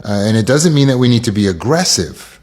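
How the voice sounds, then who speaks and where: A man's voice: medium pitch, sing-song, fairly quick, a little mellow. A man with an American accent giving a casual self-help talk, acting out quoted lines in shifting voices.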